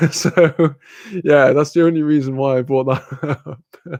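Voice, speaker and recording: A young man with a Newcastle accent, his voice gravelly and a bit fried, rambles through a casual livestream chat. He laughs a lot and swears freely, and the sound is close and dry with no room echo. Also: on the high side, fairly even intonation, a little slow, a little mellow. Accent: Newcastle English. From Newcastle, England. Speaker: streamer reading chat.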